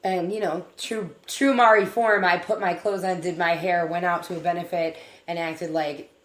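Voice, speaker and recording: A woman's voice: on the low side, normal speed, echoey room. A woman co-hosting a talk show, talking earnestly and at length about something personal. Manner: earnest, rambling, animated.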